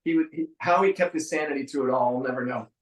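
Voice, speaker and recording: In a casual interview, a middle-aged musician guest from San Francisco spins relaxed stories with a dry wit, saying um a lot. He speaks at a quick pace in a mid-range voice. The audio is poor, with an echoey room.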